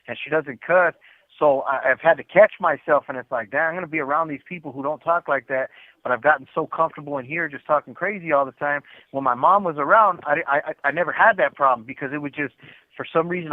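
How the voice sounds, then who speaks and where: Incarcerated caller, brisk and frank, slightly high voice, prison phone sound. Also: male voice, dry recording. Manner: frank and streetwise, cusses freely. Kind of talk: casual chat over a prison phone call. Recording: tinny prison phone line.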